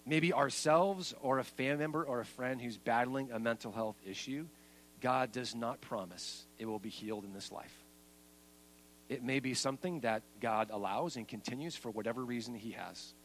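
A man preaching a sermon as pastor, making points with lively emphasis. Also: moderate pace, slight background noise, rough recording. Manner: lively and emphatic, then soft and low at the close.

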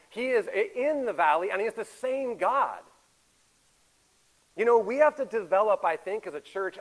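A man in his forties preaching a sermon as a pastor, swinging between loud emphatic stretches and hushed, intimate ones. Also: high-pitched, low-quality recording. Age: 40s. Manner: animated, shifts from loud emphatic to quiet intimate.

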